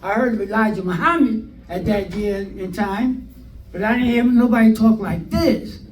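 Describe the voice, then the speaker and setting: Older man, high voice, roomy distant sound. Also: moderate pace. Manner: animated, acts out quoted dialogue with hesitant fillers. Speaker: interviewee recounting his past. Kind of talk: documentary storytelling interview. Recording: roomy sound from a distant mic, faint noise.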